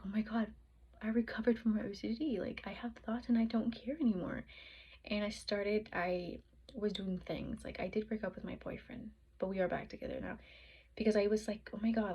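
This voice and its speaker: A woman's voice: mid-range voice, slightly rough. A young woman telling her own story in a casual vlog, candid and swearing freely, slipping into other people's voices when she quotes them. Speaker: vlogger. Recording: noisy background.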